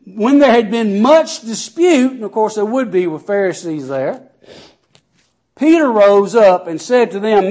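High-voiced man preaching a sermon. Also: a little mellow. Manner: reads scripture aloud, then explains it in plain talk; raises and lowers his voice sharply for emphasis.

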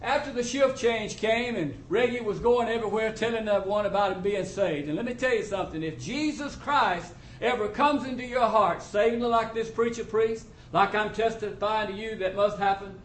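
A man's voice: high voice, normal speed, fairly bright tone, slight background noise. A man preaching a testimony sermon to his church, telling the story in a folksy way with plain country grammar. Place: church congregation. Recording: roomy echo with faint ambience.

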